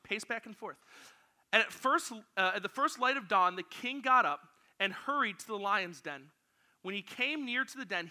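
A man with a high, strikingly bright voice preaches to a youth group in a church room. He talks with energy and playfully directs volunteers through an acted-out Bible story. The feel is of a lively youth sermon. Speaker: youth pastor.

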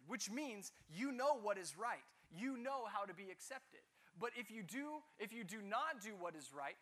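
A man's voice: high-pitched, normal speed, hardly any pauses. A man teaching a Bible class, asking his students questions and joking with them. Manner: lively, asks the class questions, jokes.

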